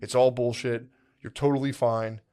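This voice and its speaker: Male podcast co-host, mid-pitch, loose rambling storyteller, acts out his own thoughts, lots of "like" and "dude". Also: flat delivery, moderate pace, dark tone, smooth. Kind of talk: casual storytelling chat.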